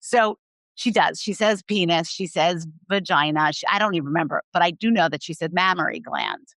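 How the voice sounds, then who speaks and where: Bright, candid woman therapist. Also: on the low side, moderate pace, dry recording. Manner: frank, candid storyteller. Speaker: sex therapist guest. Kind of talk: podcast interview.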